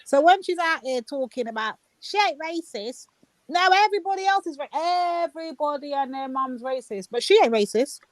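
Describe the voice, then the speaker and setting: A woman's voice: sits high, lively intonation, brisk, few pauses, dry recording. A woman on a live stream, talking in an indignant, exasperated, slangy way. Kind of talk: heated live stream discussion.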